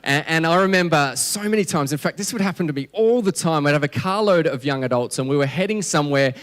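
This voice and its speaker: A man's voice: fairly high pitch, expressive, fast, a bit bright. A man in his thirties with an Australian accent, preaching a conversational, humorous sermon full of restarts. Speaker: pastor. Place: church hall. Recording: long church hall reverb.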